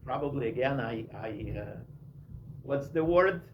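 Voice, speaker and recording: A man with a Russian accent telling stories in a casual talk, halting often and searching for his words. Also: medium pitch, animated. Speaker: speaker telling personal stories. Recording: muffled recording with faint hiss.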